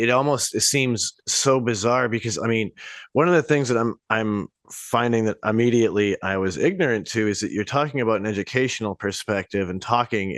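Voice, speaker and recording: A man hosting a podcast, agreeable and casual, with halting restarts. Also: medium pitch, fairly bright tone, no echo. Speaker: podcast host.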